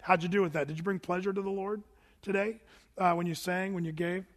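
A man's voice: sits high, fairly even intonation, fairly quick, long reverb tail. A man preaching a sermon as pastor in a conversational, folksy way, firing questions at the congregation. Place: church sanctuary.

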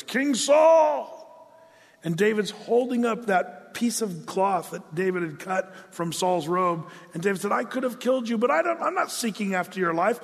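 A man's voice: high voice, long reverb tail. A man preaching a sermon, telling a story and acting out the quotes with playful asides. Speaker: pastor.

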